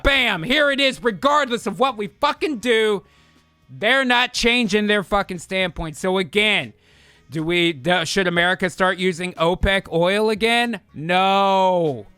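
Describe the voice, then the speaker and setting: A man's voice: high voice, measured pace, pushed and bright, smooth, dry recording, soft background music. A man hosting a podcast, ranting about foreign policy with lots of swearing and direct appeals to his listeners. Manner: heated, swearing, rants at the audience. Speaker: podcast host. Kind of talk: profane political commentary.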